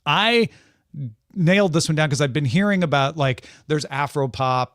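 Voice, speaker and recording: A man's voice: a little high, normal speed, no room sound. Middle-aged man, podcast co-host, easygoing and rambling, close dry mic. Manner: relaxed, rambling, chuckling. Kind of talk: casual chat.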